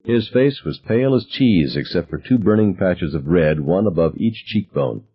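Low, husky male audiobook narrator. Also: expressive, normal speed, muffled recording. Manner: wry, reflective first-person storytelling.

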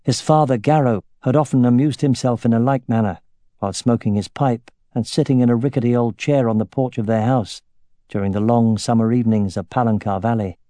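A man narrating a fantasy audiobook in a measured, steady way. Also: medium pitch, dry recording, studio quality.

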